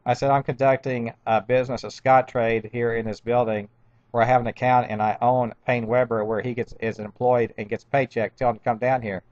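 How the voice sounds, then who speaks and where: A man's voice: medium pitch, level tone, a little fast, darkish tone, no room sound, lo-fi sound. A man in his fifties telling a long, agitated, rambling personal story, stumbling and restarting his sentences often.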